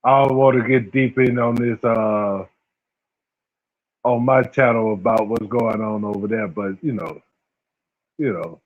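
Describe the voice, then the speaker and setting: A man in his forties hosts a casual livestream, reading the chat in a lowish, fairly even voice with an unhurried pace and long pauses. He's slangy and laid-back, laughs a lot, and greets viewers by name. The audio is lo-fi, like it came through a phone.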